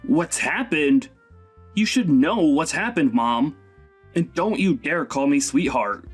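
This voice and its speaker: A man voicing a young husband who sternly reproaches his mother in an animated story drama. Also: fairly high pitch, slow, husky, soft background music, heavily acted. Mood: reproachful.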